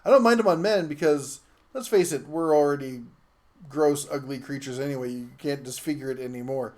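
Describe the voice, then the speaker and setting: A middle-aged man hosts a live tool show, chatting casually and reading out viewer comments in a rambling, halting way full of fillers. His voice is medium-pitched with a darkish tone.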